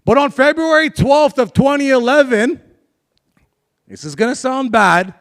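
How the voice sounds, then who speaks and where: A man with a very high voice gives a live talk, opening up frankly about his past and bantering with the audience. He speaks as a young adult storyteller addressing a room of listeners. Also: expressive, measured pace, fairly bright tone.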